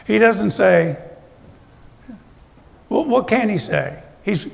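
Male preacher, slightly high voice with gravel, conversational sermon delivery, big hall reverb. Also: animated, takes it slowly. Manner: conversational preaching with rhetorical questions. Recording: long reverb of a large hall.

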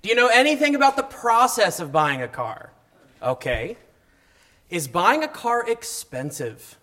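A man teaching a classroom of high schoolers, talking casually, adding wry asides and often checking in with "okay?". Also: big pitch swings, unhurried, pushed and bright. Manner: mildly sarcastic asides. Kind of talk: classroom lesson. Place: classroom with students.

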